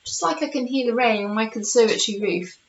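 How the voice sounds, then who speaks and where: A woman teacher with a slightly high voice reads a picture book aloud to young children at home, talking fast over background noise. She is lively and playful, asking the young listeners questions, in a home with a conservatory. The recording sounds roomy and dull.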